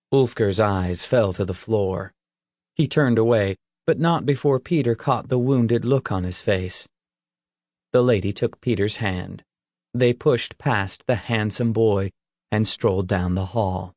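A man reading a fantasy story aloud, unhurried and measured. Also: fairly low pitch, a little mellow, no echo, clean studio sound. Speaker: audiobook narrator. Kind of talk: scripted narration.

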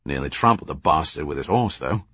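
A man's voice: very deep voice, expressive, brisk, bright, forceful tone, slightly rough, no room sound, exaggerated voice. A man voicing a precise, fretful British spy and photographer in an audiobook. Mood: worried.

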